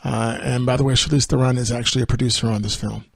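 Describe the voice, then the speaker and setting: A man's voice: medium pitch, steady tone, quick pace, gravelly, dry recording. A man hosting a podcast, casually retelling and reviewing a film in a rambling way. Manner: rambling, with fillers and laughs. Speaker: podcast host.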